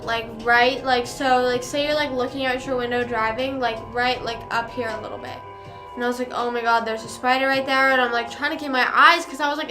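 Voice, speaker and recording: Bright rambling young woman streamer. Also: on the high side. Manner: rambling, filler-heavy, swears casually. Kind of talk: casual chat storytelling.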